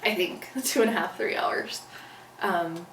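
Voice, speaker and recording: In an unhurried, fairly low and slightly bright voice, a woman guesting on an interview shares a personal story, earnestly acting out what she once said. The sound is roomy and distant-miked, with faint noise in the background.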